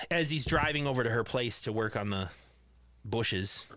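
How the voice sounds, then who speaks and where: A man's voice: mid-range voice, slow, pushed and bright, dry recording. A man co-hosting a podcast, recapping a movie in casual chat with wry asides and laughs. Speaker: podcast co-host.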